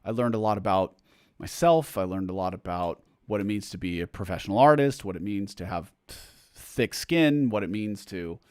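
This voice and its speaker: A man's voice: on the low side, normal speed, darkish tone, clear, resonant tone, no room sound, studio quality. A man hosting a casual livestream for his supporters, reading viewer comments aloud and rambling along with fillers and restarts. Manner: rambling, chatty, self-interrupting with fillers. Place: home room indoors.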